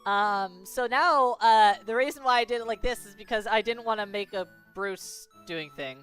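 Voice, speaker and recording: A woman's voice: a little high, moderate pace, smooth, soft background music. A woman game creator chatting casually and giggling while she reads out fan questions. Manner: giggly, animated. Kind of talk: casual stream commentary.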